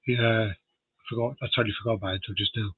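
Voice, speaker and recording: An American man co-hosts a podcast, chatting casually and laughing often as he reads out details. His voice is lowish and slightly rough, with a steady tone and rapid-fire delivery, and the sound is phone quality.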